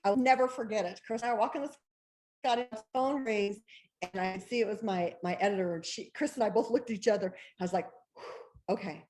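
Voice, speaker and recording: Excitable woman telling a story. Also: medium pitch, quick pace. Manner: excitable, laughs often, acts out quoted dialogue. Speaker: bestselling author, interview guest. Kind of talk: animated storytelling in an interview.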